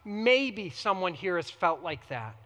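A man preaching a sermon as pastor, swinging between hushed, quiet lines and emphatic, rising ones. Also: sits high, big pitch swings, slow, long reverb tail.

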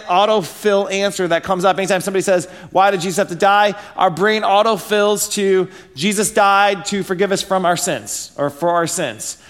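High-voiced male pastor preaching casually. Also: a bit bright. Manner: conversational, many fillers and rhetorical questions. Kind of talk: sermon.

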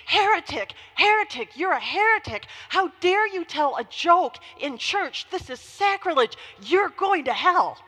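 A woman's voice: very high-pitched, big pitch swings, measured pace, hardly any pauses, pushed and bright, pitched above the performer's own voice, exaggerated voice. A woman voicing a furious middle-aged churchgoer who screams accusations in a long-reverb hall. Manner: shrieking accusations.

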